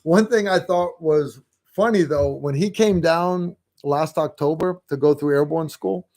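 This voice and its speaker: A man hosting a livestream, chatting in a relaxed, rambling way. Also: a little high, a little slow. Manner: relaxed, rambling, many fillers. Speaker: host. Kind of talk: casual livestream chat.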